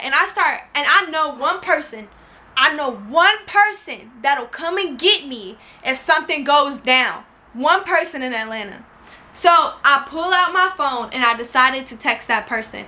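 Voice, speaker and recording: A woman's voice: sits high, normal speed. A woman telling a story to camera at home, talking casually with lots of slang and swearing, acting out what people said. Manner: animated, slangy, swears freely, acts out quotes. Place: indoors at home near a window.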